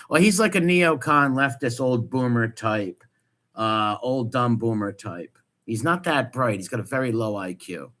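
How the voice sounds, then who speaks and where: A man hosting a stream, ranting in crude, mocking casual commentary with loud outbursts. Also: medium pitch, lively intonation, measured pace. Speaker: stream host.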